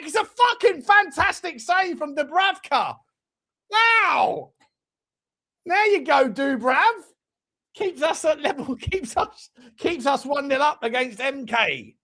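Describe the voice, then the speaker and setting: A man's voice: very high voice, lively intonation, slow, bright, forceful tone. A man hosting a live football watchalong for fans, chatting casually, swearing and laughing often. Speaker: fan channel host. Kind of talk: live match watchalong chat.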